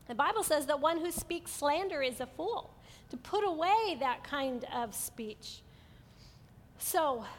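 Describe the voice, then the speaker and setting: A woman teaching a Bible study to a women's group in an earnest, gentle way, often checking in with her listeners. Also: high voice. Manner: asks the audience frequent check-in questions. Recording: long hall reverb.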